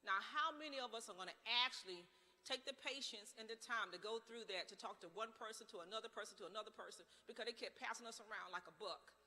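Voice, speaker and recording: A woman's voice: fairly high pitch, fast, bright, forceful tone. A middle-aged woman giving an impassioned campaign speech, telling stories and firing off rhetorical questions. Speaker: political candidate. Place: large church sanctuary. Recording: long church hall reverb.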